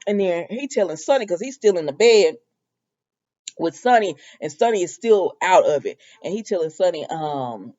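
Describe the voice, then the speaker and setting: Give me a chatty woman recapping a soap, mellow and a bit muffled. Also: fairly low pitch, normal speed. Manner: animated storytelling, sassy asides to characters. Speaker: soap opera recap vlogger. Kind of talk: casual recap with quoted dialogue.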